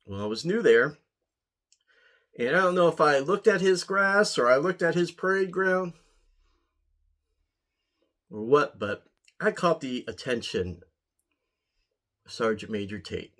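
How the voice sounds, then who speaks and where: A man's voice: a little high, animated, a little slow, pauses often, fairly bright tone. A man from Ohio, an army veteran, telling a story in a casual, wry way and chuckling at himself. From Ohio, USA. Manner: wry, dry, chuckling at his own story. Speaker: pipe-smoking vlogger, army veteran.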